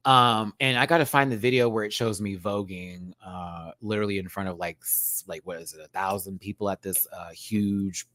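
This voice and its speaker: At a moderate pace with hardly any pauses, a drag show reviewer in his thirties spins animated stories from school and the stage during a casual reaction chat. He swears freely and erupts into laughter and squeals, his voice darting between low asides and high yelps. Close, dry recording with no room sound.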